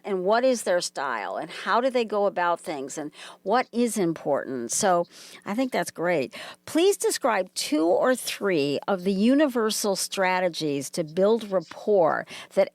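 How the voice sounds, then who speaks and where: A woman's voice: medium pitch, no echo. A woman hosting an interview, summing up and affirming her guest's points before asking questions. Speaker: interviewer host. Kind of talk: casual interview talk.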